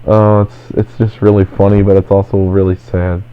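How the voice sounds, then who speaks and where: A man's voice: low-pitched, level tone, normal speed, clear, resonant tone. A man chatting casually while playing a video game, rambling and filling his talk with "like". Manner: rambling, constant "like" fillers. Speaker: let's play host. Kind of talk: casual gaming chat. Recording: dull lo-fi recording. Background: faint game music.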